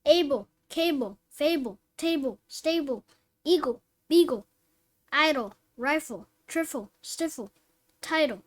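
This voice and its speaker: A woman reading phonics word lists and practice sentences aloud, one word at a time, slowly and clearly, like a reading teacher. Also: sits high, animated.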